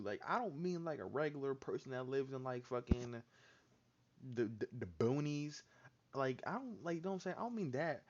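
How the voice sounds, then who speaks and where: A man hosting a loose, casual chat, tossing out slang and jokes with filler words everywhere. His voice sits at an ordinary middle pitch. The recording sounds dull and lo-fi. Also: big pitch swings, fairly quick. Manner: slangy, loose and joking, lots of "like" and "bro".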